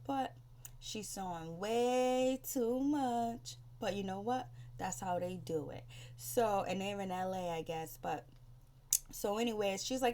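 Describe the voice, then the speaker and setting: A woman's voice: medium pitch, unhurried, a little mellow. A woman casually recapping a TV episode on her vlog, rambling with lots of fillers and acting out what people said. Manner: chatty and rambling, with many "you know, um" fillers; acts out quoted lines in raised voices. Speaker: TV show recap vlogger. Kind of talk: casual spoken show recap.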